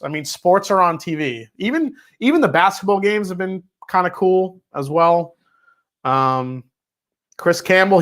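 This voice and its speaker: Casting: New York man, 30s, livestream host, slightly higher voice, loose and chatty, swears freely. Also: a bit bright. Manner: chatty, reads viewer messages aloud, swears casually. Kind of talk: casual livestream chat.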